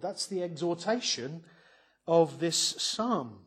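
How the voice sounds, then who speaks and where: A man's voice: on the high side, a little slow, breathy edge. A man preaching an evening sermon on a psalm, earnest and building to fervent emphasis, with many restarts.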